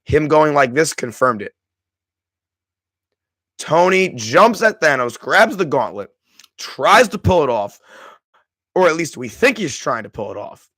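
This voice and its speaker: A man's voice: fairly high pitch, very animated, measured pace, long pauses, fairly bright tone, no room sound. A man hosting a live stream, talking through a film with his chat in an effusive, emotional way, with many restarts. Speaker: streamer and host. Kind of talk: live movie discussion with chat.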